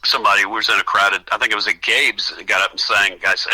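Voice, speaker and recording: An older male singer, a guest on a casual radio interview, tells rambling stories, often restarting and acting out what other people said. His voice is on the low side, husky, pushed and bright, with fairly even intonation, and he talks fast with few pauses over poor audio.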